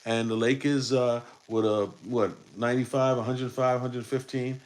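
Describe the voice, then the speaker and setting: A man's voice: mid-range voice, little pitch movement, moderate pace, darkish tone. A man hosting a live post-game basketball show, talking in a rambling way with many fillers and restarts. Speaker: podcast host.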